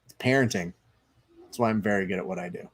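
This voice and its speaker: A man's voice: low-pitched, fast talker, husky. A man hosting a live stream, chatting loosely, reading viewer comments aloud and commenting on fights. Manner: loose, chatty, swearing, reads chat aloud.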